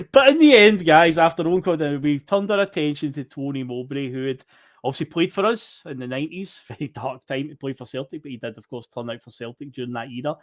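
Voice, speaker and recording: A Scottish man hosting a football podcast, calmly recapping events and prompting his co-host. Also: a little high. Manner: measured, recaps events for listeners. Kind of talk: casual football chat.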